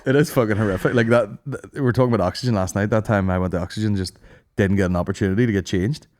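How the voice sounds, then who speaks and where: Fast-talking Northern Irish man. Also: on the low side. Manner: rapid, animated, swearing, mimics voices. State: hungover. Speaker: podcast host. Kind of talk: crude casual banter.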